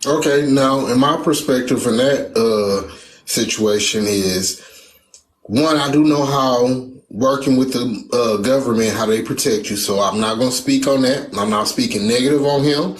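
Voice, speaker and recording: A man in a heated casual debate, speaking in a halting way and circling back to restart his points. His voice sits at an ordinary middle pitch, and it rings out in a noticeably echoey room. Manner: hesitant, halting, many restarts and fillers.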